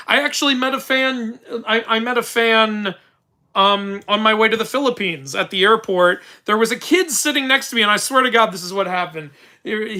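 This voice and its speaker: Young man, casual live Q&A host, rambling storyteller, stumbling restarts, bright forceful voice, phone mic at home. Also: high-pitched. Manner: rambling, frequent restarts, laughs while telling stories. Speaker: YouTube mythology channel host. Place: his room at home.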